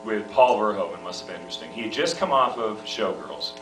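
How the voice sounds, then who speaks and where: Chummy guy interviewer, voice goes up and down a lot, echoey room, music clearly behind. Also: lowish voice, animated, quick pace, far from the mic. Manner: chummy, laughing easily. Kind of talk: casual interview. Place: festival event room.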